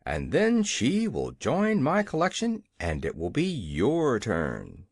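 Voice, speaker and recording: A reader voicing a short-tempered gnome king in a storybook who blusters, shouts and growls. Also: medium pitch, wildly swooping pitch, takes it slowly, husky, no echo, studio quality, exaggerated voice. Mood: blustering. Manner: blustering, easily startled.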